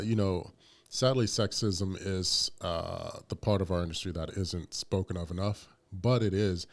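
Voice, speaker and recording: Very deep-voiced man chatting casually. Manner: animated, emphatic storytelling with many fillers. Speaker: podcast co-host. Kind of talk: casual podcast chat.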